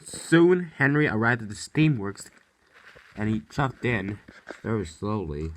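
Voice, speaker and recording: A man narrating a homemade toy-train story in a plain, unhurried way, over background music. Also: on the low side, big pitch swings, a little hiss or hum, poor audio.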